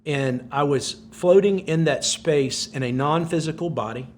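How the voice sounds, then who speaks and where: An older man in his sixties recounts a gripping personal story as a podcast guest. His voice sits a little higher than most men's, and he tells it with breathless intensity, looping back on his phrases. A faint hiss runs under the conversation. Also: a little slow. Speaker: podcast guest, former Navy SEAL.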